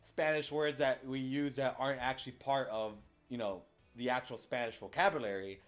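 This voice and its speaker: A man's voice: medium pitch, fairly even intonation, normal speed, fairly bright tone. A young man from the United States hosting a podcast, chatting casually in a rambling way with lots of fillers. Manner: rambling, many fillers and restarts. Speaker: podcast host. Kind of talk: casual chat.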